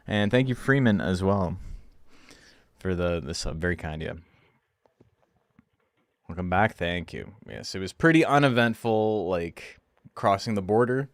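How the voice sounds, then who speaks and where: A man's voice: low voice, lively intonation, a little slow, long pauses, no echo. A young man, a streamer chatting casually and telling rambling stories, swearing freely. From Canada. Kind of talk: casual stream chat and storytelling.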